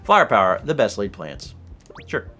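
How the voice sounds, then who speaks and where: Bright, excitable male streamer. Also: lowish voice, soft background music. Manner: excitable, joking, quick bursts. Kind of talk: casual co-op gameplay chat.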